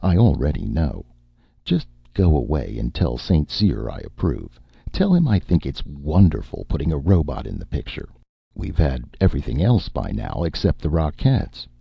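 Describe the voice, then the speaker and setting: A man voicing an irritable, sarcastic male writer who speaks in a low, restrained voice in an audiobook reading. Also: wildly swooping pitch, moderate pace, vocal fry, husky, no echo, heavily acted. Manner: curt, sarcastic, restrained anger. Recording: muffled lo-fi recording.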